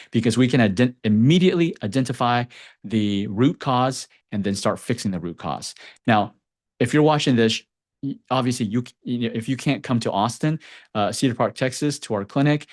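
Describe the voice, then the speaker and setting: Guy doing a health explainer video, average pitch, keeps saying right? and okay? like a teacher. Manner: lively teacher, peppers lines with "okay?" and "right?". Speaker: acupuncturist and clinic owner. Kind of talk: educational health explainer to camera. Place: Texas clinic.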